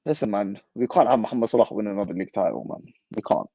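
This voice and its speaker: A young man riffs on football and answers live chat, animated and full of slang. His voice is dark and mellow, recorded close and dry through a somewhat dull mic. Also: on the low side, fast talker, creaky, no room sound. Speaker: football channel host. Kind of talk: casual livestream chat.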